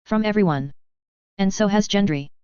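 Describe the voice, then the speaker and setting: A woman's voice: mid-range voice, normal speed, a little mellow, clear, resonant tone, dry recording, natural voice. A woman reading the lines of an earnest, loyal young male guard who speaks plainly. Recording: slightly dull, dry lo-fi recording.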